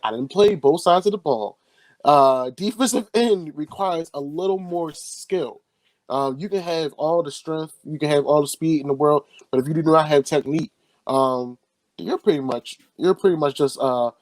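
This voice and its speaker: A man's voice: medium pitch, no echo, poor audio. A man co-hosting a sports podcast, talking emphatically and confidently, repeating phrases in casual slang. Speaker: podcast co-host.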